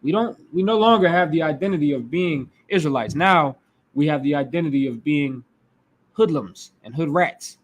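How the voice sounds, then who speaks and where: A man's voice: a little high, lively intonation, moderate pace. A man leading a Bible class, preaching in a blunt, emphatic way with crude language.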